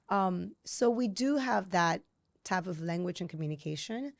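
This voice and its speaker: A woman's voice: lowish voice, lively intonation, creaky, no room sound. Podcast host woman, dry close sound. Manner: quick, conversational, many restarts. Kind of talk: casual chat.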